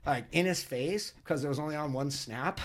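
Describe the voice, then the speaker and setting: A middle-aged man on a podcast, telling a story with excitement, acting out quotes loudly and filling with "like" and "you know". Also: fairly high pitch, normal speed. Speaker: podcast guest. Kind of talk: animated storytelling.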